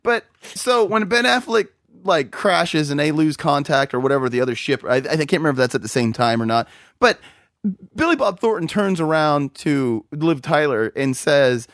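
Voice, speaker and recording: Animated high-voiced man reviewing a movie. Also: moderate pace, dry recording, studio quality. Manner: animated, laughing, mocks movie lines in put-on voices. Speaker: podcast co-host. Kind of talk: casual movie review chat.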